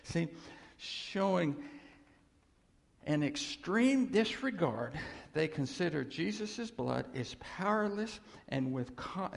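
Animated male preacher in a reverberant hall. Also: slow pace, gravelly. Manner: animated, shifts from loud emphasis to low near-whispers; acts out voices of doubters and God in quotes. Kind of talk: sermon.

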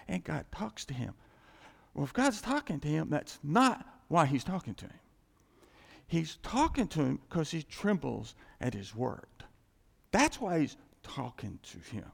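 A man preaching to his congregation, his fairly high voice heavily gravelly with a rough fry. His pitch swings widely as he chats, chuckles and acts out little exchanges. The sound rings with the long reverb of a big church hall. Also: very animated, a little slow. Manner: conversational, chuckling, acting out little quoted exchanges. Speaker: pastor. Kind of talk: sermon. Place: church sanctuary.

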